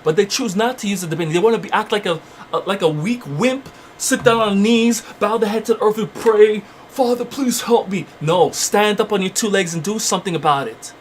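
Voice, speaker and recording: A man's voice: high-pitched, a little fast, a little hiss or hum. A man hosting his channel, delivering fiery, repetitive spiritual motivational preaching. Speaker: channel host.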